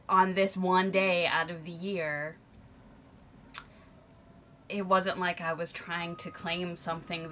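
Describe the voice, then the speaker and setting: A lowish, fairly bright female voice comes through with a little hiss or hum. The young American vlogger muses to her camera in a reflective personal monologue, hesitating often, with ums and self-corrections.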